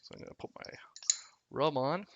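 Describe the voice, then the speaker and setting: A man rambles casually through a cooking vlog in his home kitchen, cracking jokes and poking fun at himself. His tone is fairly bright and his speed normal. The audio has its highs cut off, with faint music playing behind him.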